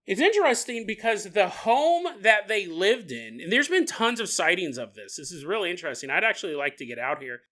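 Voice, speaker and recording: A man hosting a podcast, riffing in a comedic monologue, laughing often and acting out quick voices. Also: high voice, big pitch swings, bright, forceful tone. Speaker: podcast host.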